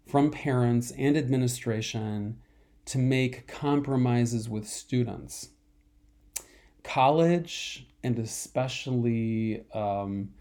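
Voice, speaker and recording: A man teaching a college math lecture in a slow, repetitive way, often clearing his throat and coughing from a dry throat. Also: medium pitch, mellow. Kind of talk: recorded online lecture.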